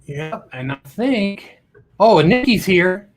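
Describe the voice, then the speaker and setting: A man chatting as a guest on a live show, friendly and talking in quick bursts. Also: sits high, lively intonation. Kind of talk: casual live-stream chat.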